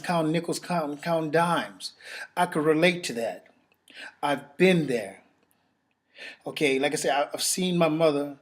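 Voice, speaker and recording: Emotional man giving a halting sales pitch. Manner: emotional, halting, with repeated phrases and sighs. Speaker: network marketing presenter. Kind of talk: personal testimonial and sales pitch.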